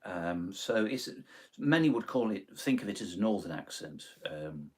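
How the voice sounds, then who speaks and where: Taking song requests during a relaxed live stream, a Nottingham man from the East Midlands chats hesitantly, with frequent ums and corrections. He speaks at normal speed in a lowish, slightly rough voice with lively intonation.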